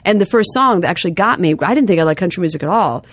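A woman's voice: on the low side, lively intonation, racing, dry recording. A woman, a comedian guest, rambling in casual chat, self-deprecating and full of restarts. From United States.

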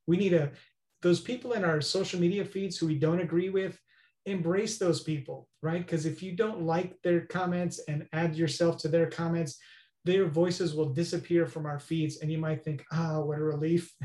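Earnest male guest, slightly high voice, roomy echo. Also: darkish tone. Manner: earnest, explanatory, often asks "right?". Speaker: guest expert. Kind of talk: interview conversation.

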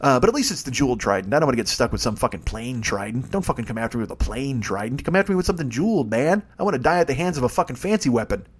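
A man's voice: mid-range voice, very animated, racing, few pauses, slightly rough. A middle-aged man riffing profanely in a casual comedy rant.

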